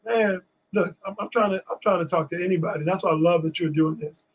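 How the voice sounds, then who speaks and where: Animated male guest from D.C., high and husky, acts out every quote. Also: fast, lo-fi sound. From Washington, D.C. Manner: animated storyteller acting out quotes. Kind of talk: storytelling in a casual interview.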